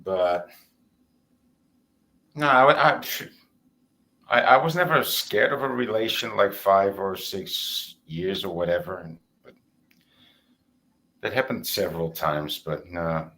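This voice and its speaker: A man's voice: deep voice, slow pace, pauses often, bright, forceful tone. A man co-hosting a podcast in casual chat, hesitant and reflective, with many fillers. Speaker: podcast co-host.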